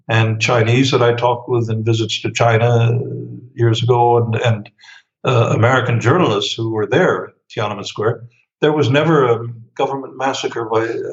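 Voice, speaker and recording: A man answering interview questions at length, pausing often with fillers and restarts. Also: mid-range voice, highs cut off. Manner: hesitant, many fillers and restarts. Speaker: interview guest, author.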